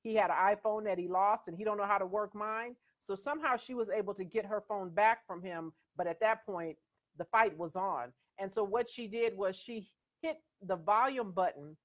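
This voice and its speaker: A middle-aged American woman hosting her own talk show. She speaks in a casual, emphatic way, slipping into quoted voices as she tells stories. Her pitch sits in an ordinary middle range. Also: normal speed. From USA. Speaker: host. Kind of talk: casual commentary.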